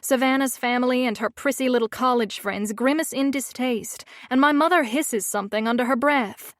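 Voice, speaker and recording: A woman's voice: sits high, moderate pace, no echo, clean studio sound. A woman narrating a romance audiobook in the first person, with a wry, sardonic manner.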